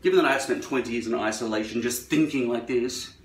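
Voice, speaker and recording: A man's voice: medium pitch, fairly quick. Rambling, profane Australian man. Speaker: vlogger. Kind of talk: rambling monologue. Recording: echoey room, far from mic.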